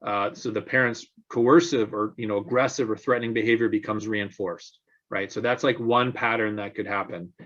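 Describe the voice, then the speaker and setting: A man's voice: fairly low pitch, fairly even intonation, moderate pace, fairly bright tone. Man giving a loose, um-filled lecture. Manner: conversational, many fillers like um and you know. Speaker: clinical psychologist lecturing on parent training. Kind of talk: recorded lecture. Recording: dull lo-fi lecture recording.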